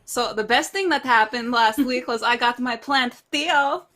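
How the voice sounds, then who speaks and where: A woman with a bright, slightly high voice, recapping a game session. She talks in a chatty, playful way. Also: a little slow. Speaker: player. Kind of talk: casual chat.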